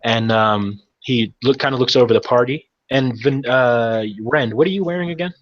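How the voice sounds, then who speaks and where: A man's voice: mid-range voice, moderate pace. A man narrating as game master of a tabletop game, casual and rambling, often correcting himself mid-sentence. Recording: dull lo-fi recording.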